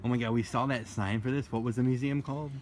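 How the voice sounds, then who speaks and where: A man co-hosting a travel vlog, joking loudly and calling his companion "dude" as they drive. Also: mid-range voice, fairly even intonation, fast. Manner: loud, joking, says "dude" a lot. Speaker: travel vlogger, co-host. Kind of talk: casual road-trip chat. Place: in a moving car and outdoors. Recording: noisy car interior.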